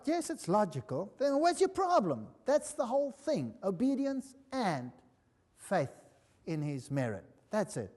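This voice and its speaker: A man's voice: high-pitched, huge pitch swings, a little slow. Emphatic preacher man in a reverberant hall. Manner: emphatic, conversational, swings between loud and hushed. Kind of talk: sermon with storytelling. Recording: long reverb of a large hall.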